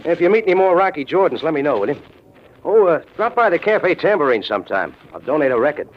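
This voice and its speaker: A man's voice: a little high, sing-song, fast. An actor narrating as a dry, wisecracking hard-boiled male detective in a 1940s radio drama. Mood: wry. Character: tough, wry male private eye. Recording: dull vintage radio with music bed.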